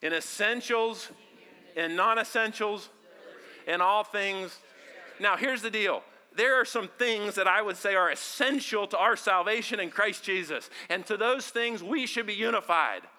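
A male pastor preaching a sermon to his congregation, shifting from hushed near-whispers to loud, emphatic lines and leading the room in call-and-response. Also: sits high, a little slow, clear, resonant tone. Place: church service before a congregation.

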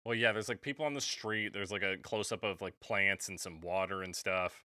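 Low-voiced man in casual wry chat. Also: steady tone, a little fast, sharp tone, dry recording. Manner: wry, joking, swears casually. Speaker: podcast co-host.

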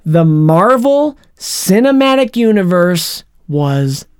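Give me a man recapping a movie on a podcast, animated and chatty, his voice dry and close. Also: sits high, clean tone, no room sound. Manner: animated retelling, acts out scenes in quick voices. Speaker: podcast co-host. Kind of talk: casual movie recap chat.

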